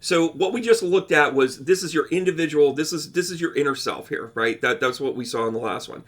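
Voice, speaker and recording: A man's voice: a little high, expressive, fairly quick, fairly bright tone. A man hosting his own astrology channel, explaining charts in a casual, rambling way, often correcting himself and speaking straight to his viewers. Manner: rambling, self-correcting, chatty, addresses viewers directly.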